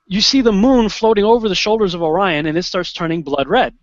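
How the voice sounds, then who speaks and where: A man guest in an interview, telling a story in an animated, excitable way, often restarting and acting out what he said in the moment. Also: high-pitched, fairly quick, no room sound. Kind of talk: conversational storytelling. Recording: dull lo-fi sound.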